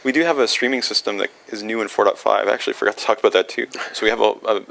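Man, developer, casual livestream Q&A, gravelly, full of fillers. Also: fairly low pitch, racing, a bit bright, poor audio. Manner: rambling, many fillers and restarts. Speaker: engine developer answering viewer questions.

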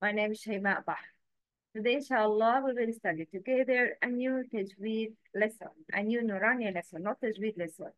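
A woman's voice: mid-range voice, moderate pace, no echo, muffled recording. A woman teaching Arabic letter pronunciation in English, carefully spelling out each letter sound one by one. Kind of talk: slow, careful teaching with repeated example sounds.

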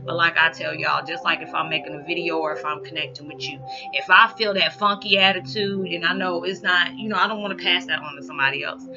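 A woman's voice: lowish voice, quick pace, few pauses. Woman, 40s, casual rambling vlog talk, lo-fi sound. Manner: rambling, conversational, many "you know" fillers; animated, rising loud when acting out reactions. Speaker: spiritual vlogger. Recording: dull lo-fi audio with background music.

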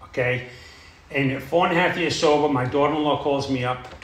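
A man's voice: on the high side, brisk, a little hiss or hum. A middle-aged man telling his recovery story in a plain, rambling way, full of "you know" and "uh". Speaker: AA speaker sharing his story. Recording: echoey room.

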